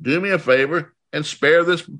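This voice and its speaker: A weary leader at the end of his rope, pleading and exasperated, put on by a preacher. The voice is bright and pushed higher as the pleading mounts. The delivery is sermon-style dramatic reading. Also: moderate pace.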